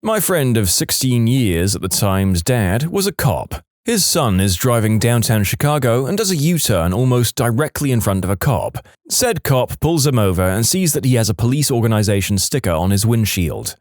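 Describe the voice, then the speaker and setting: Man narrating with a lively, rising-and-falling delivery. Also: mid-range voice, moderate pace, no room sound, clean studio sound. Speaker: podcast narrator. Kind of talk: scripted narration of reader stories.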